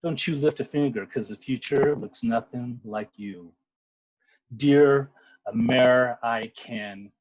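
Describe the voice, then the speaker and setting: A man giving a dramatic spoken word poetry reading, with sudden loud outbursts. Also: medium pitch, slow, no room sound. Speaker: poet. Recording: muffled lo-fi sound.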